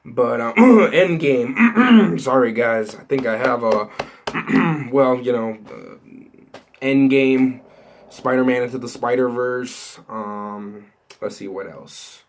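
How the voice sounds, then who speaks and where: A man's voice: medium pitch, slow, a little hiss or hum. A man hosting an entertainment news vlog, talking casually and rambling with many fillers and restarts. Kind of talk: casual unscripted chat to viewers.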